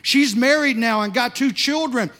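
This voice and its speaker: A man acting out a half-drunk, emotional man who loudly and insistently pleads with someone not to give up. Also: extremely high pitch, normal speed, pitched above the performer's own voice. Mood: insistent pleading. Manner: loud, pleading, repetitive.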